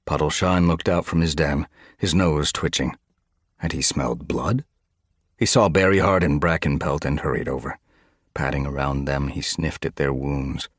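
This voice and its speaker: A man narrating an animal adventure audiobook in an expressive storytelling manner. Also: very deep voice, normal speed, no room sound, studio quality. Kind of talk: scripted narration.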